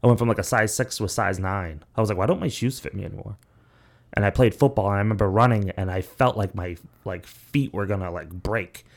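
A young man with a somewhat low voice hosts a casual podcast. He tells long, rambling stories full of "like" and "you know". He swears freely as he goes. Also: a little fast, few pauses. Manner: rambling, profane storytelling full of "like". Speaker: podcast host. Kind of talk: casual chat.

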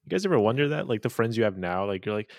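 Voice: mid-range voice, big pitch swings, racing, no room sound, studio quality. A podcast guest chatting casually, playful and teasing, laughing a lot. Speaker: podcast guest, comedy streamer. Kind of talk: casual chat.

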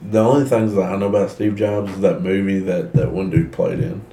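Blunt male chatter, lower voice, roomy echo. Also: little pitch movement, brisk, dark tone. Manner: blunt, swears, laughs easily. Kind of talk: casual chat. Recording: echoey room with faint noise.

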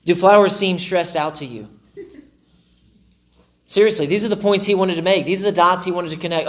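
A male pastor preaching a sermon to a live congregation. He is animated and often acts out his own inner dialogue with self-mocking humor. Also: high voice, normal speed.

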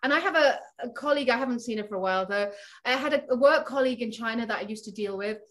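An actress being interviewed, chatty and animated, laughing often as she tells an anecdote. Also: a little high, very fast. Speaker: actress guest. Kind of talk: casual interview chat.

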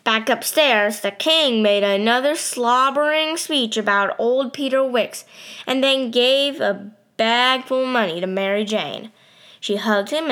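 A woman's voice: a little high, a bit bright. A woman narrating a story in first person, telling it plainly and steadily.

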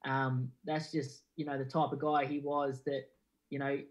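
On a low-quality recording, this guest boxer speaks at medium pitch and a little slowly. He's a young man with an Australian accent, fielding interview questions easygoingly and flatly, with plenty of yeahs and ums.

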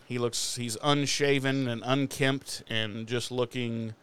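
Man, podcast host, smooth resonant voice, animated storytelling, casual chat. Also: mid-range voice, slow pace. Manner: animated storyteller who acts out the characters' lines. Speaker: podcast host recapping an episode.

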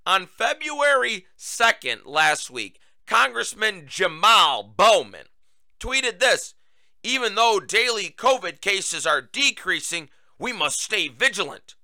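A man's voice: sits high, slow, no echo. A man hosting a political talk show, delivering a sarcastic opinion monologue to his listeners. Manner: sarcastic, animated, addresses listeners as folks.

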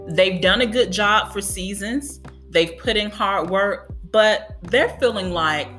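A woman's voice: medium pitch, takes it slowly, fairly bright tone, faint music behind. A woman hosting a podcast for childcare educators, talking in an earnest, encouraging way and often saying "you know.". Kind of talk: conversational advice monologue.

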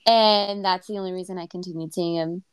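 A woman's voice: lowish voice, steady tone, a little fast, smooth, no echo, clean studio sound. A woman in her thirties telling a personal story on a podcast, candid and emotional, with many fillers and restarts. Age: 30s. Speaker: podcast host.

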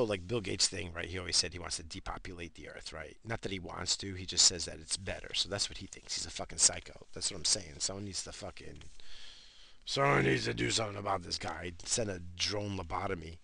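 Deep, gravelly, pushed and bright, this podcast host's voice carries a casual, profane rant on his talk show. He rambles crudely and swears nonstop, and the sound has no echo.

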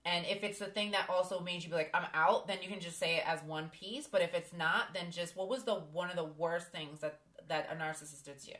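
A woman's voice: lowish voice, fairly even intonation, a little fast, hardly any pauses, fairly bright tone. A woman hosting a podcast, candidly telling a personal story with emphasis. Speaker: podcast host. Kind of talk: casual podcast conversation.

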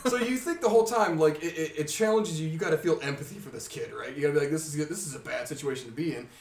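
Animated, swearing young man, off mic. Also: a little high, fast, distant mic. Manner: animated storyteller, heavy swearing, laughs often. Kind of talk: casual chat. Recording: roomy sound from off mic.

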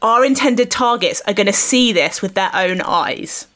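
A woman, co-hosting a comedy podcast, pitching an absurd protest stunt with mock-earnest conviction. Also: animated, a little slow, a bit bright. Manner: earnest mock-activist delivery, breaks into laughter.

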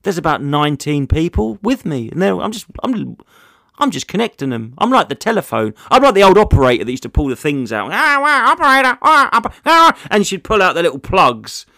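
A man's voice: a little high, big pitch swings, a little fast, gravelly, a bit bright, no room sound, clean studio sound. A man, a comedian hosting a casual solo podcast, rambling through jokey stories with plenty of swearing.

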